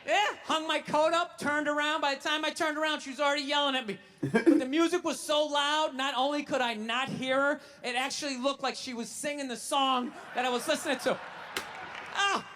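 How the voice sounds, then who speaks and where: A man's voice: extremely high pitch, steady tone, fairly quick, pushed and bright. A man doing a stand-up comedy set on stage, telling profane, ranting stories to a live audience.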